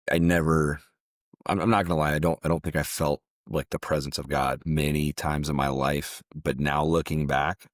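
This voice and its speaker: Very deep-voiced man telling a story. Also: no room sound, clean studio sound. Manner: halting, repeats words while recounting. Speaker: podcast guest, jiu-jitsu gym owner. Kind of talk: personal storytelling in an interview.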